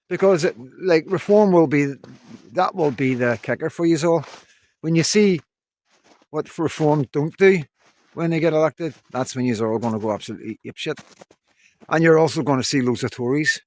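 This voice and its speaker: A man with a thick regional accent speaks to his followers on an evening stroll, recorded on a handheld phone outdoors. He rambles in a blunt, downcast way, looping back on his points and swearing now and then. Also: a little high. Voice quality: strong regional accent that he says captions garble. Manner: rambling, frank, swears, repeats "you know". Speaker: vlogger. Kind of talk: casual monologue to viewers.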